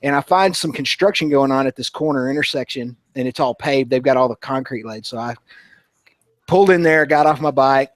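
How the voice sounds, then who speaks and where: A man's voice: mid-range voice, normal speed, dry recording. A man co-hosting a casual motorcycle chat, telling a long story in an easygoing way. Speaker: motovlogger co-host.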